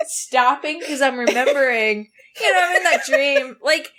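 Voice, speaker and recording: Woman, podcast co-host, casual chat, laughing storyteller, high voice. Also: animated, a little slow, sharp tone. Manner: storytelling, breaking into laughter often.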